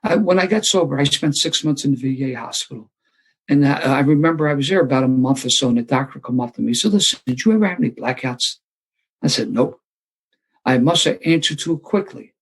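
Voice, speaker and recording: A man's voice: mid-range voice, fast, husky, rough recording. A man, telling a self-deprecating story to a live recovery meeting and acting out the voices he quotes. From Philadelphia area. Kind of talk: storytelling talk to a live audience.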